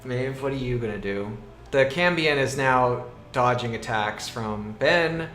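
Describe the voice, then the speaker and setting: A man running a tabletop game over a voice call as game master, narrating in an animated, goofy way with frequent exclamations. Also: mid-range voice, measured pace, echoey room, slight background noise.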